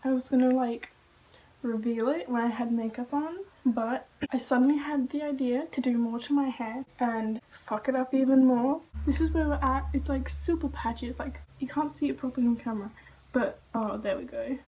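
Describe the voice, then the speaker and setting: A woman's voice: sits high, normal speed, dark tone. A young woman in a casual home vlog, talking chattily with lots of "like" and casual swearing. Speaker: vlogger. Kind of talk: casual hair-dye vlog. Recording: faint noise, mic a bit far.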